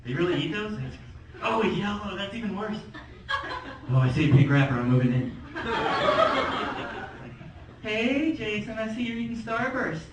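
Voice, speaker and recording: A man's voice: high-pitched, sing-song, normal speed, long pauses. A man doing a sly scheming blonde girl. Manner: sly, plotting. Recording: echoey club, far from the camera, noisy.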